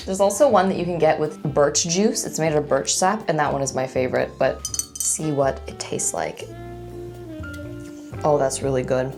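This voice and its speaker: A young woman chatting through a casual taste-test vlog, excitable and gushing over small things. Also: low voice, creaky. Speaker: food vlogger.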